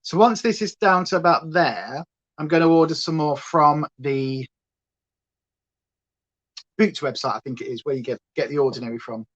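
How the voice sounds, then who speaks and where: A woman's voice: low voice, normal speed, long pauses, highs cut off. A British woman hosting a livestream from home, chatting casually and going off on tangents. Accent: British English. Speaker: livestream host. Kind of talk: rambling casual chat.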